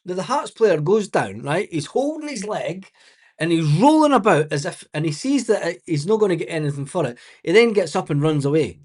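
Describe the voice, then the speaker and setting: A man's voice: sits high, sing-song, brisk, darkish tone, slightly rough. A man giving blunt, exasperated live match commentary as a watch-along host, swearing freely and laughing often.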